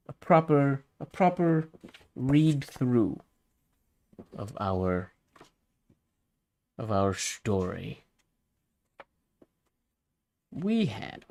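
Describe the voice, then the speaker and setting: A man talks through a live writing session in a relaxed, thinking-aloud way, then reads a holiday poem aloud. His voice carries a gravelly rasp, and his pitch rises and falls freely as he speaks. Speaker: calligrapher streaming a writing session. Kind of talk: casual live-stream chat and poem reading.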